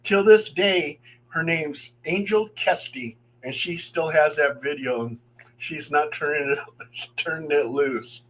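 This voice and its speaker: A middle-aged paranormal investigator tells his ghost stories with gusto, and his voice sits a little high for a man. He acts out the voices of the people in his stories and chuckles now and then. A faint hum runs under the recording. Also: slow pace, low-quality recording. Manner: animated, acts out quoted voices, chuckles as he talks. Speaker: paranormal investigator and guest storyteller. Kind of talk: telling true ghost stories on a live stream.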